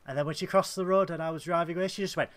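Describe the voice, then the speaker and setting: A man's voice: a little high, fairly even intonation, very fast. A British man hosting a casual podcast chat, telling rambling, joking anecdotes and laughing often. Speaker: podcast host.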